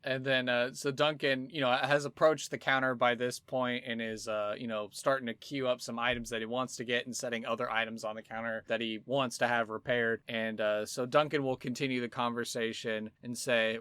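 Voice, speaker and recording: A man's voice: medium pitch, little pitch movement, fairly quick, hardly any pauses, fairly bright tone, clean tone, dry recording. A man hosting a podcast and narrating a tabletop game as game master, in a loose, casual way with fillers.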